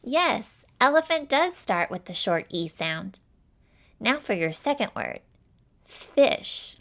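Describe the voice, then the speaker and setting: A young woman leads a phonics lesson for small children. She speaks slowly and carefully at a middle pitch, drawing out each letter sound so little ones can copy it, with steady encouragement between words. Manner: slow, clear and encouraging, exaggerating sounds. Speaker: phonics teacher.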